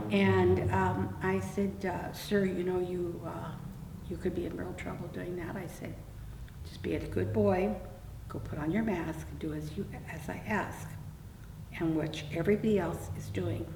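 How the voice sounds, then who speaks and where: A woman's voice: medium pitch, creaky. Older woman telling a blunt story, roomy. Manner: animated anecdote with quoted dialogue, blunt and wry. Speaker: interview guest. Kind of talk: storytelling in an oral-history interview. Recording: roomy echo, distant mic, faint room hum.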